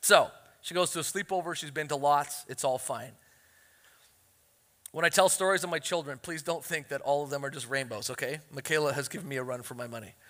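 High, bright-voiced man preaching. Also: fairly quick. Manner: animated storytelling, acts out quotes. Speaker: pastor. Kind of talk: sermon. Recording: long hall reverb.

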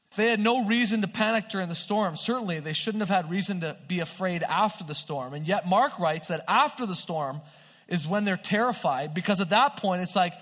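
A man preaching a sermon in an animated way, often checking with his listeners through questions. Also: high-pitched, moderate pace. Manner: animated, asks the audience questions. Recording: long hall reverb.

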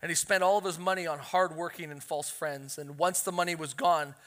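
Male pastor preaching with a high, bright voice and animated storytelling, booming hall reverb. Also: brisk. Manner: animated storytelling, acts out quotes. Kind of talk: sermon.

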